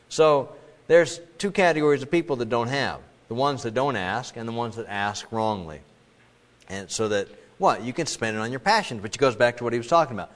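A middle-aged man preaching a sermon in a conversational way, now and then acting out quoted voices with sudden jumps in pitch. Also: a little fast. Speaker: pastor. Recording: long reverb of a large hall.

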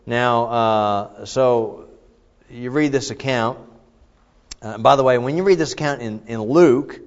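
A man preaching a sermon in a conversational, teaching way, with frequent restarts and fillers, growing excited when he retells the crowd's cries. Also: medium pitch, takes it slowly. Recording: muffled sound with long hall reverb.

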